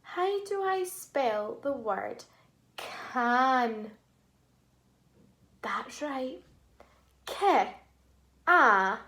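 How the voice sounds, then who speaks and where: A woman teacher leading a phonics lesson for young children, speaking in an encouraging way and pausing for them to repeat. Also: high-pitched, animated, pushed and bright. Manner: slow, encouraging, speaks to children with pauses for repetition.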